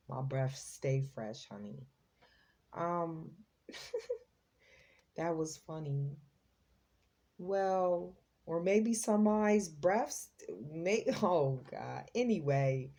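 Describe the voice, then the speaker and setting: Female tarot host, low mellow voice, casual and slangy, exclaims freely. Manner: chatty, slangy, exclaims as she reads the cards. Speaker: psychic tarot reader, host.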